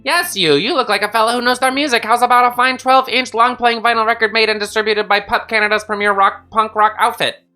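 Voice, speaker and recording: Woman putting on a loud pushy teen hawker. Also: steady tone, a little fast, few pauses, soft background music. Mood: pushy, showy. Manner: booming showman sales pitch. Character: loud pushy teenage boy merch seller.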